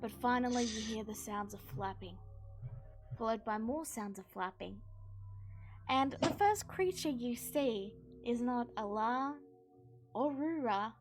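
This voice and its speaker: A woman running a tabletop role-playing game, narrating the scene in a relaxed way. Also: a little high, measured pace, faint music behind. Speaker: game master.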